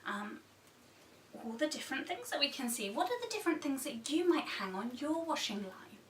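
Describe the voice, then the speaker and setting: A woman teacher giving a read-aloud tutorial for early years, animated and full of gasps and animal sounds. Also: high voice, normal speed, background noise. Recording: roomy sound from a distance.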